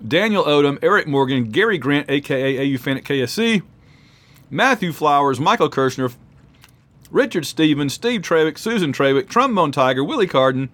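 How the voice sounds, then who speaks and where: A male host of a casual sports podcast quickly reads out patron names in a chatty manner while eating hot peppers, his mouth full. He speaks in a fairly high, animated voice with a fairly bright tone.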